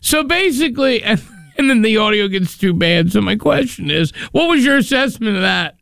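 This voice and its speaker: A man's voice: high voice, very animated, moderate pace, creaky, fairly bright tone, dry recording. A male radio co-host in casual morning banter, teasing and laughing often.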